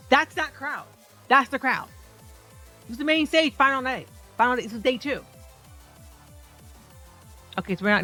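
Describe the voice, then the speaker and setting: Bright-voiced woman, profane game commentary. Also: on the high side. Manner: excitable, profane, talks to viewers. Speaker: competitive fighting game player. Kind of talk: commentary over her own match footage. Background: faint background music.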